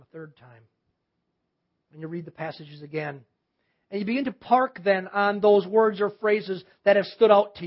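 A male pastor preaching a sermon in a reflective way, slowing down and dropping to a hush when he reads scripture aloud. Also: high-pitched. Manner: reflective, slows and drops to a hush for quiet reading. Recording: dull lo-fi sermon audio.

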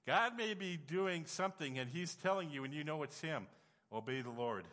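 A male preacher delivers a storytelling sermon, his voice bright and forceful. He swings into emotional, exclamatory moments. The sound rings with a long reverb, as in a church hall. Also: on the high side, lively intonation, moderate pace.

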